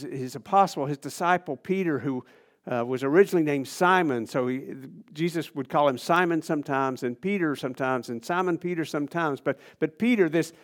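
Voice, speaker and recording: A man preaching a sermon in a casual, conversational way, swinging between loud emphasis and hushed near-whispers. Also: fairly high pitch. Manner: casual, conversational phrasing with restarts.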